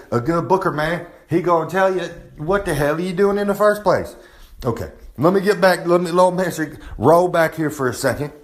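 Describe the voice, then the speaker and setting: A man giving a rambling, boastful wrestling-style promo outdoors. He talks about himself in the third person, swears casually and gets worked up as he goes. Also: on the high side. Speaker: recurring segment presenter. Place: outdoors on a humid day.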